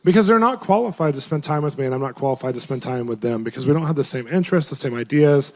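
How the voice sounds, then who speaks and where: A man, a Christian minister, tells a personal testimony in a lively way, laughing often and jumping up in pitch for his own quoted reactions. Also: fast talker. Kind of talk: animated personal storytelling.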